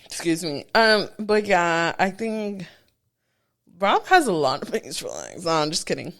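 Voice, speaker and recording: A woman's voice: fairly low pitch, a little slow. A young woman co-hosting a casual podcast chat, telling stories with quoted dialogue and dropping in a few Spanish words. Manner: animated storytelling with laughs and acted-out quotes. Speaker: podcast co-host.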